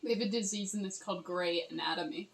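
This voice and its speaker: A woman's voice: mid-range voice, quick pace, vocal fry, rough recording. A woman chiming in from off camera with dry, teasing remarks in casual chat.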